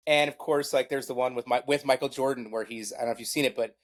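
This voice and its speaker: A middle-aged man guesting on a podcast chats about sports at a fast clip, his medium-pitched voice keeping a fairly even intonation. The conversation is casual and rambling, packed with fillers and self-deprecating asides.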